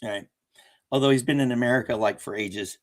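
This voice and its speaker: A man's voice: mid-range voice, fairly quick. A man with a Southern accent hosting a casual livestream, rambling and chuckling as he corrects himself mid-sentence. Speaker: livestream host. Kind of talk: casual live chat.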